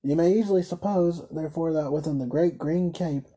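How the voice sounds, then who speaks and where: Guy reading an old novel out loud, kinda husky, mellow, higher-ish voice, measured and a bit wry. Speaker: audiobook reader. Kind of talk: storybook narration.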